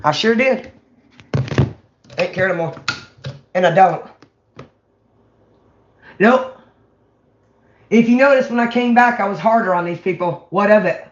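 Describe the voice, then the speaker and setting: Medium in pitch and measured in pace with long pauses, a middle-aged woman from Mississippi delivers a raw confessional monologue to camera in a Southern accent. She's rambling, blunt and profane, occasionally raising her voice, on a dull lo-fi recording with slight background noise.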